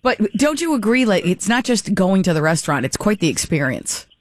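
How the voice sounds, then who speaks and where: A woman hosting a radio talk show, telling a long story in a chatty, animated way and often repeating words as she starts a sentence. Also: mid-range voice, fairly quick. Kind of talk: casual radio chat and storytelling. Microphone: studio microphone.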